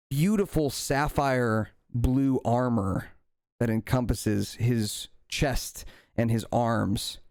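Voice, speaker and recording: A man narrating a tabletop fantasy game as game master, halting with frequent fillers and restarts. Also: mid-range voice, darkish tone, clean tone, no echo, studio quality.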